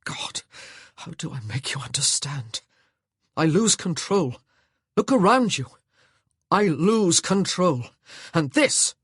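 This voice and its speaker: A tormented nobleman speaks low and strained, then bursts out hard, as a man acts him out. The voice is husky and recorded dry and close for an audiobook. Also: normal speed, no room sound. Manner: low, strained, rising to forceful outbursts. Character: brooding tormented nobleman, volatile. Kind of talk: audiobook character voice.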